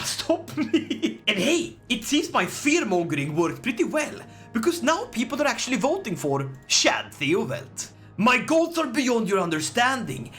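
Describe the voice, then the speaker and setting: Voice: medium pitch, fairly bright tone. A gaming channel host giving scripted, joking narration of a strategy game playthrough. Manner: playful, jokey, does silly voices. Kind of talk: scripted gameplay narration with jokes.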